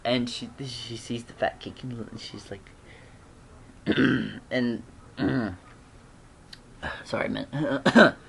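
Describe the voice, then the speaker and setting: An excitable fan recaps a TV episode in a loose, chatty vlog. The delivery rambles and restarts, with frequent throat clearing and little laughs. The speaker keeps slipping into the characters' lines. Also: medium pitch, very slow, pauses often, a little hiss or hum.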